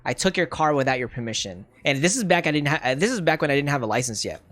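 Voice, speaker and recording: A man's voice: a little high, fast talker, no echo. A young man and streamer, casually telling a personal story, full of "right?" and "like" fillers and laughing often. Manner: animated, mimics voices of parents in quotes.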